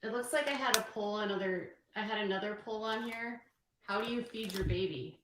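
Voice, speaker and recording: A woman's voice: medium pitch, fairly quick. A woman chatting casually on a livestream, reading out poll results and counting down. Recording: roomy livestream audio with faint noise.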